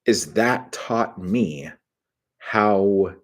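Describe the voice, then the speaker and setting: A middle-aged man hosting his own livestream, chatting casually, rambling and swearing with sudden bursts of excitement. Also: deep voice, very slow. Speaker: channel host.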